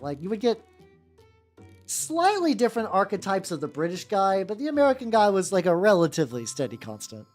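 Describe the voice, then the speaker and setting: A woman's voice: mid-range voice, sing-song, fairly quick, faint music behind. A woman chatting casually on a miniature painting stream, rambling with many restarts and some swearing. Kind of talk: casual livestream chat.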